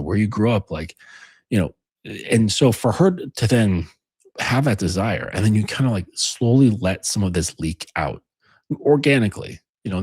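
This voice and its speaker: Husky-voiced man with a deep, lively delivery. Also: dry recording. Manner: rambling, filler-heavy, acts out quoted lines. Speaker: dating coach. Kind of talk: casual monologue.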